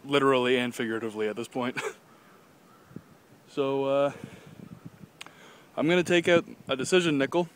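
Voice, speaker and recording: A young man from Canada walks along a golf course pond, vlogging on his phone with rambling jokes and casual swearing. His medium-pitched voice stays steady at a normal speed, with long pauses. A little hiss or hum can be heard.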